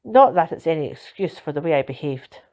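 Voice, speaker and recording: A woman's voice: low voice, big pitch swings, fairly quick, darkish tone. A woman reading as a mild, shy uncle. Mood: apologetic. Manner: mild, contrite, earnest. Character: apologetic middle-aged uncle, mild, shy, gruff. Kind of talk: storybook reading. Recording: dull lo-fi recording.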